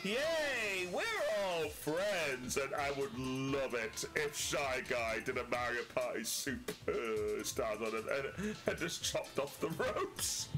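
A man's voice: medium pitch, measured pace, hardly any pauses, music in the background. A man casually commentating a game he is playing on stream, joking, swearing and laughing often. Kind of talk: casual let's play commentary.

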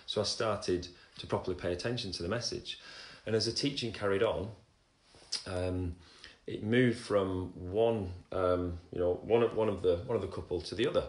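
A man talks through a faith testimony in a low voice, wandering from thought to thought and stopping himself mid-sentence. Between stories he reads passages aloud. The sound is roomy and echoey, as if he is in a bare room at home. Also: moderate pace. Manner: rambling, self-interrupting, reads scripture aloud. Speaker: Christian speaker sharing testimony. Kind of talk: casual religious livestream talk.

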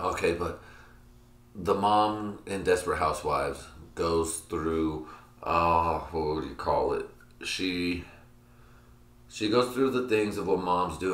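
A man's voice: deep voice, fairly bright tone. A young man hosting a solo podcast, rambling crudely and laughing at his own jokes. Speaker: podcast host. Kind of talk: casual solo podcast rant. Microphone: computer mic. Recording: echoey room.

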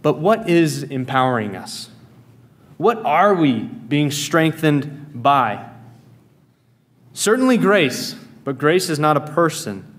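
A man's voice: on the high side, big pitch swings, slow, fairly bright tone. An American man preaching a sermon in a church, earnest and emphatic, repeating key phrases. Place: church sanctuary.

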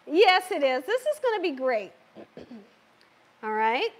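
Chatty high-voiced woman cooking host. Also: big pitch swings, slow. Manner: chatty, laughs often, reads viewer comments aloud. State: losing her voice a little. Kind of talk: live cooking stream chat. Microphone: wearing a microphone.

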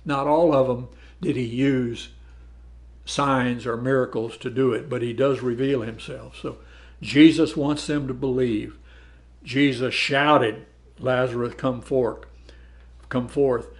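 Teaching a Bible study, a man reads verses aloud and then explains them in a conversational way, frequently repeating words. His voice is medium-pitched and steady, and he speaks at a measured pace.

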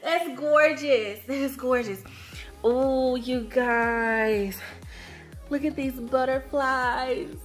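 A young woman vlogger gushing through an excited unboxing chat, repeating her words and calling out to her viewers. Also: sits high, extremely slow, faint music behind. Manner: gushing, repeats words, says y'all a lot. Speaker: planner vlogger.

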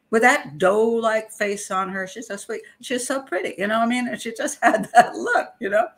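A middle-aged woman, a criminal profiler, tells a personal story in an animated, indignant way with wry laughter. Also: on the high side, moderate pace, few pauses.

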